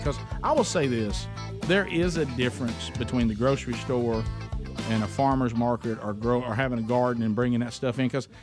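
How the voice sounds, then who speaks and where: A man hosting a talk radio show, telling stories in a folksy, animated way. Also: mid-range voice. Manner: folksy storyteller, animated, chuckling. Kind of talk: casual talk radio banter.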